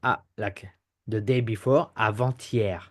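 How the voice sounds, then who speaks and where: A man's voice: mid-range voice, moderate pace, darkish tone. French man explaining things step by step. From France. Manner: explains step by step, often checks in with "okay?". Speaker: French teacher. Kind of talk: pronunciation lesson to camera.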